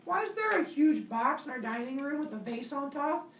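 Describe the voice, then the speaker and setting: A man voicing a curious young woman, Pandora, with a high, excitable voice, in a roomy classroom recorded from afar. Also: moderate pace, recorded from a distance, a little hiss or hum. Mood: puzzled.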